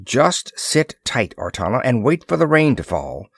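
A man's voice: mid-range voice, unhurried, creaky, breathy edge, no echo, clean studio sound, full character voice. A man voicing an easygoing, loyal male sidekick who speaks mildly and wryly. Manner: mild, wry, relaxed speech.

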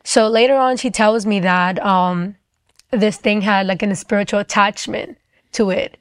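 A woman's voice: medium pitch, steady tone, no echo, studio quality. A young woman telling a personal faith testimony in a casual, chatty way, full of "like" and acted-out quotes. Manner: casual, fast-paced, lots of "like", acts out quoted voices. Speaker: guest telling her testimony.

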